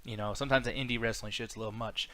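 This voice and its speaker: A man's voice: lowish voice, fairly even intonation, very fast, pushed and bright, dry recording. A man in his thirties hosting a live-stream chat, talking loosely and profanely with lots of fillers. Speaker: podcast host.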